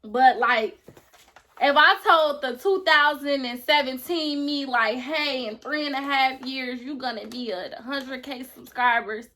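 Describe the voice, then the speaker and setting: Bright high-voiced woman vlogger. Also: unhurried. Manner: earnest, gushing, talks straight to viewers. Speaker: beauty YouTuber. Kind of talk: casual vlog to camera.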